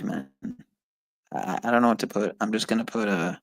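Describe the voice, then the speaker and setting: This low-quality, dry recording captures a man with a lowish voice speaking at a normal pace. He's live-streaming casually, grumbling and cursing as he tackles an online test and addresses his audience.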